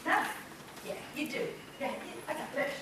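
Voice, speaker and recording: An Australian businesswoman gives a playful seminar talk before a live audience at a normal speed, with background noise. She acts out flirty quotes, punctuated by gasps and laughter. The room echoes and the microphone sits far away.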